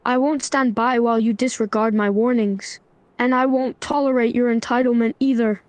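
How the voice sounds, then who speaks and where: A synthetic female voice reading the lines of a stern young man who lectures in an even tone. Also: a little high, normal speed, no echo, close to an everyday voice.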